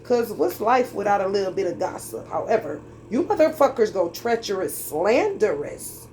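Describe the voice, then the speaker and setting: A woman's voice: medium pitch, very animated, moderate pace, darkish tone, slight background noise. A woman giving a tarot reading in a heated, preachy and profane monologue, drawling and emphatic as she talks straight at her viewers. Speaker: tarot reader.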